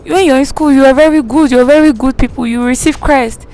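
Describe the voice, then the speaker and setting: A woman's voice: high voice, fairly even intonation, a little fast, a little mellow. A woman mimicking a male preacher lecturing students at a school assembly. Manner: sermonizing.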